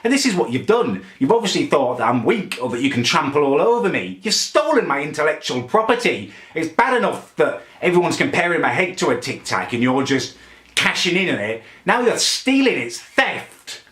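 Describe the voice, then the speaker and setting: In an echoey room, a comedy vlogger rants in character straight to camera, his fairly high male voice very animated, fairly quick and a bit bright. It's an indignant, pompous angry monologue played for laughs.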